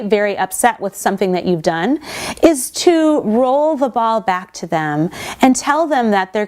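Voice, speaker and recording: A woman's voice: mid-range voice, a little mellow. A woman giving an inspirational talk about communication in an earnest, explanatory manner. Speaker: speaker.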